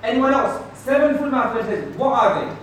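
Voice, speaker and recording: A man teaching a tajweed class, drilling letters loudly for the students to repeat, then explaining softly. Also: extremely high pitch, sing-song, normal speed, slight background noise. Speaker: Quran recitation teacher. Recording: echoey room from far off.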